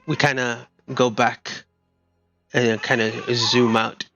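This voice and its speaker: A man narrating a tabletop game as game master, speaking haltingly with many fillers and restarts. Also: mid-range voice, little pitch movement, sharp tone. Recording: muffled lo-fi mic, faint music.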